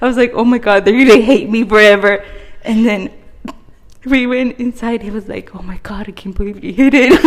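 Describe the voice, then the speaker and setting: A woman's voice: on the high side, moderate pace. A young woman co-hosting a podcast, telling a story in casual chat and laughing often. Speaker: podcast co-host. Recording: roomy hall reverb.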